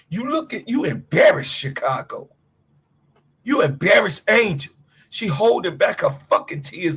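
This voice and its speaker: A middle-aged man hosts a sports talk stream and rants hard. His voice is a little husky and sits on the high side for a man. He talks bluntly, swears freely and calls out to his chat. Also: big pitch swings, unhurried, a bit bright. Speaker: sports show host. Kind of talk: heated livestream rant.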